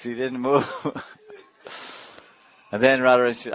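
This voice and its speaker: A man's voice: medium pitch, a little slow, pauses often, a bit bright, dry recording. A man teaching a devotional class, telling stories animatedly with imitated sounds and chuckling asides. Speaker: spiritual teacher.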